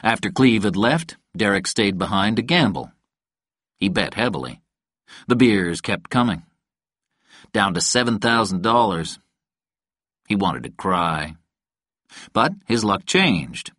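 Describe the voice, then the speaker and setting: A man reading a novel aloud in a calm, even storytelling manner. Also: lowish voice, measured pace, pauses often, no room sound, clean studio sound. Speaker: audiobook narrator. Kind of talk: scripted narration.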